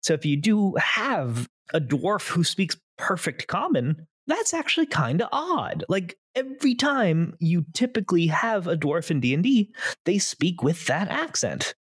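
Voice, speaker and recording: A man's voice: high voice, very animated, unhurried, fairly bright tone, breathy edge, no echo, studio quality. A young man hosting a casual tabletop-gaming podcast, rambling with lots of fillers. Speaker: podcast host, game master. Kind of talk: casual chat.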